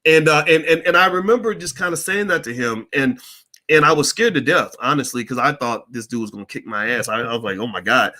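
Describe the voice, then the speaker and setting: A middle-aged man hosting a Q&A stream, telling a story in a blunt, profane, animated way. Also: fairly high pitch, a little fast. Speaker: host of a Q&A stream. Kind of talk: candid storytelling monologue.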